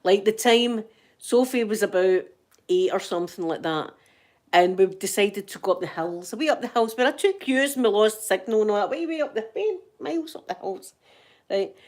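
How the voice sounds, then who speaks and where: A woman's voice: mid-range voice, animated, moderate pace, a little mellow. A middle-aged Scottish woman telling rambling, dramatic anecdotes in casual chat as a channel host. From Scotland.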